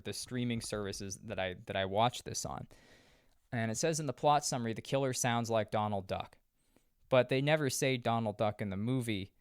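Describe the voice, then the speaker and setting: A young man with a lowish, smooth voice recaps a movie as a podcast host, in loose, profane, casual chat full of fillers and restarts. The audio is clean studio sound with no echo.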